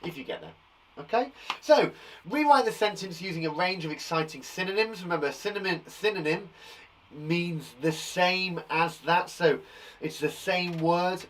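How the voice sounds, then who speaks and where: A man with an English accent teaching a live online lesson to young children, lively and animated, acting out example sentences. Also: high-pitched, normal speed, recorded from a distance, slight background noise, low-quality recording. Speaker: primary school teacher.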